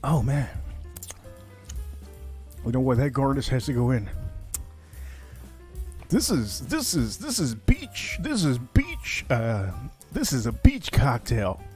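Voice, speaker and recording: Male cocktail streamer, casual rambling chat, lively pitch, light music underneath. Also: slow pace, pauses often. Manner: chatty, rambling, animated asides. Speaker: livestream whiskey cocktail host.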